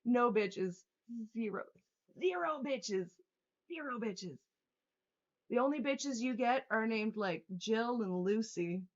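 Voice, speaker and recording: Taking her time, a young woman with a fairly high, lively voice reads her chat aloud and rants at it on a livestream, heated, profane, and sarcastic. Her audio comes through dull and lo-fi.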